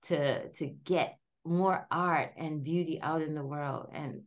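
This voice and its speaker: A woman host with a non-native English accent, speaking in an encouraging, slightly halting way. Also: deep voice. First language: not English. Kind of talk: casual interview chat. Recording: dull lo-fi audio.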